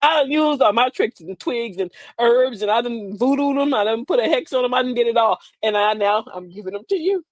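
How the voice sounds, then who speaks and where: High-voiced laughing older woman. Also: expressive, a little fast, hardly any pauses, no room sound. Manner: laughing, storytelling with quoted voices. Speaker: livestream host. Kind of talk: comedic livestream chat.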